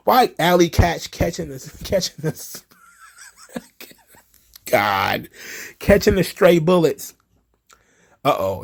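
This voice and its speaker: A man's voice: fairly high pitch, sing-song, slow, long pauses. A man hosting a casual commentary video, reading tweets aloud and mocking them with laughter and profanity. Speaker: commentary channel host.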